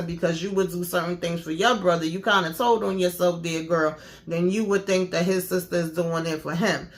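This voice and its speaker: A woman talks through a reality-show episode in a loose, chatty recap. She is sassy and opinionated, calling out the people on it. She slips into their voices when she quotes them. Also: lowish voice. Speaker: TV recap vlogger.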